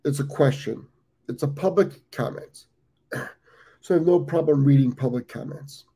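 With a mid-range, mellow voice carrying a breathy edge, a fifties-aged American man talks at a moderate pace. He's got the hiccups while hosting a live dog training show, rambling casually, repeating himself and saying um often.

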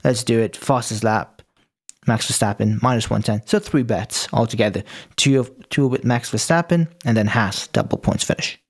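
A man with a non-native English accent, co-hosting a betting podcast and calmly laying out his picks. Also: medium pitch. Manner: matter-of-fact, repeats key figures. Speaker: betting analyst co-host. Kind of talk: casual sports betting chat.

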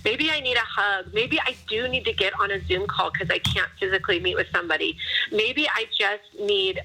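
Woman guest, faith podcast; pointed, bright tone, preacherly and earnest. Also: mid-range voice, normal speed, slightly rough, low-quality recording. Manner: earnest, preacherly, rhetorical questions. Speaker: guest counselor. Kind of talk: faith-based podcast conversation.

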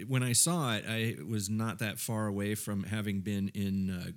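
A man with a fairly low voice rambles through casual chat. He circles back with fillers and false starts. He grew up in the American South. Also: fairly even intonation, moderate pace. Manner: rambling with many fillers and restarts. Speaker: podcast panelist.

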